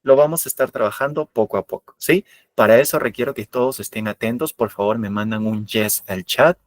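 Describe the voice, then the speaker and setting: A man teaches English grammar to an online class, moving between explanations and English examples. His voice sits at a middling pitch. The sound is dry and close, with no room echo. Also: quick pace. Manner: switches between Spanish explanation and English examples, repeats key points.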